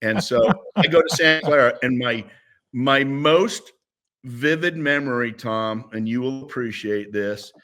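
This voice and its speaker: A man's voice: medium pitch, measured pace. A man in his sixties, a former football player, telling stories as a guest in a casual interview. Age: 60s. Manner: animated, rambling with restarts.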